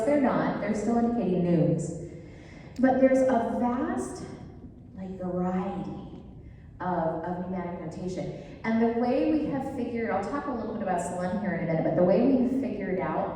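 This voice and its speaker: Woman lecturer, casual and enthusiastic; warm mellow tone, captured from a distance in a reverberant hall. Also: mid-range voice, slight background noise. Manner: chatty, enthusiastic, with fillers. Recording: echoey hall, voice far from mic.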